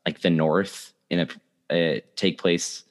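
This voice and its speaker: Low-pitched and flat, a young man speaks at a slow pace while co-hosting a podcast. It's a casual chat, and he laughs often.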